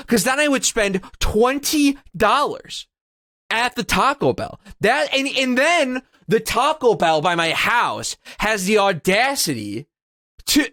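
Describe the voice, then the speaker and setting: A man co-hosting a comedy podcast, ranting with heavy profanity and lurching between flat grumbles and shrill mocking voices. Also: dry recording, clean studio sound. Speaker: podcast co-host. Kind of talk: casual comedic rant.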